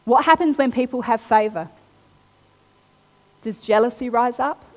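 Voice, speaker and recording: A woman preaching a sermon, reading scripture aloud and then retelling it with animated, acted-out quotes. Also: fairly high pitch, measured pace. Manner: animated storytelling, acting out quotes. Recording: long hall reverb.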